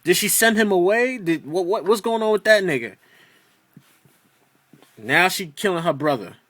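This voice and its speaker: A man's voice: sits high, lively intonation, normal speed, a bit bright, no echo. A man ranting in a casual video review of a TV episode, exasperated and profane, rambling with many restarts.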